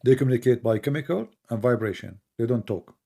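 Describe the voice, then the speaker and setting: This host is a man with a medium-pitched, creaky, mellow voice, running a heated debate over a call. Blunt and mocking, he grills his guest and rattles off Arabic verses at speed, his voice tired from talking so long.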